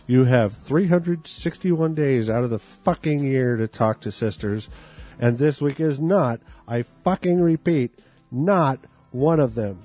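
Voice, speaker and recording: A man's voice: mid-range voice, measured pace, warm tone, faint music behind. A man performing a comic dramatic reading of an angry email, delivering it as a furious, profane rant. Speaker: reader.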